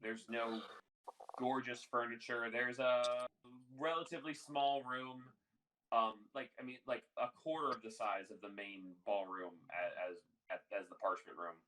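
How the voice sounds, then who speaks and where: A man's voice: mid-range voice, flat delivery, a little slow, fairly bright tone, low-quality recording. A man narrating as game master in a casual, rambling way. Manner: casual, lots of fillers and restarts.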